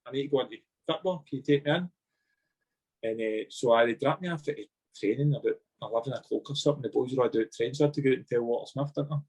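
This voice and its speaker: A man's voice: medium pitch, fast talker, breathy edge. A Scottish man, a former footballer, casually telling a story and acting out the voices of the people in it. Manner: animated, swearing, acts out dialogue.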